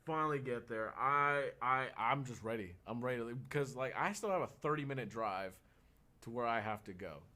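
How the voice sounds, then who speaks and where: Animated, bright-voiced male storyteller. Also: mid-range voice, fairly quick. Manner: animated, laughing, swearing a lot. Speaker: podcast co-host telling a story. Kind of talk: casual storytelling chat.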